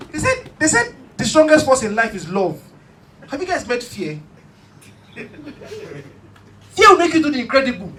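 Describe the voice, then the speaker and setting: High, lively man doing stand-up. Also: moderate pace, long pauses. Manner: animated, shouty storytelling with bursts of preaching. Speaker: stand-up comedian. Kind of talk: stand-up comedy set. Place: live comedy stage. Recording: echoey hall, mic at a distance, faint room noise.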